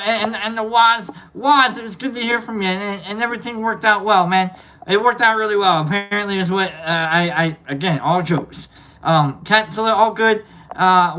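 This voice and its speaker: A man hosts his livestream sign-off in a loose, rambling way, cracking jokes and tossing in the odd swear word. His voice is bright and forceful. A faint hum sits under the recording. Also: high voice. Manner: rambling, joking, swears casually. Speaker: livestream host.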